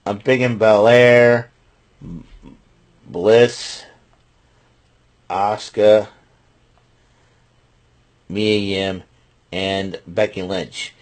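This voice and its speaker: Male host, casual solo wrestling recap, rambling and chatty. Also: mid-range voice. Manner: rambling, chatty, restarts and fillers.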